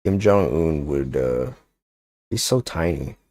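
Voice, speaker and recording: A man's voice: very deep voice, animated, takes it slowly, a little mellow. A young man chatting casually on a livestream, rambling and joking with lots of filler words. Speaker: streamer.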